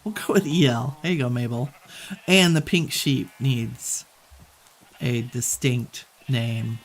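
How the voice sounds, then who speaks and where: A man chatting in a relaxed, rambling way while streaming a game, laughing easily. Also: medium pitch, takes it slowly, low-quality recording. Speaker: gaming streamer. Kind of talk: relaxed gameplay chat.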